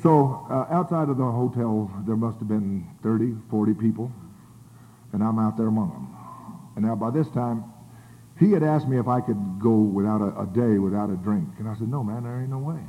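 Low-voiced older man telling his story. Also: normal speed. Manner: rambling storytelling, many fillers and restarts. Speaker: speaker sharing his recovery story. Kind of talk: personal testimony to a group. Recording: tinny phone-like audio.

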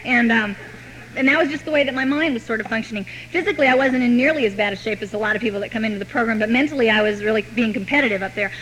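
A woman telling her own recovery story to a meeting, with wry, deadpan humor. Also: fairly high pitch, racing, a little hiss or hum, poor audio. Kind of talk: personal recovery story told to an audience.

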